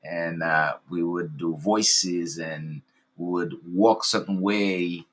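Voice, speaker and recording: A man's voice: sits low, fairly even intonation, takes it slowly. A man hosting an interview, effusive and enthusiastic, rambling with many fillers as he praises his guest. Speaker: podcast host. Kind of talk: casual interview chat.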